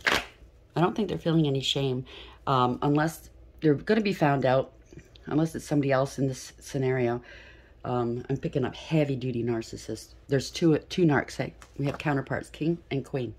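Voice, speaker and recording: A woman's voice: very deep voice, moderate pace, a little hiss or hum. A woman giving a casual tarot reading, blunt and profane, with emphatic repetition. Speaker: tarot reader.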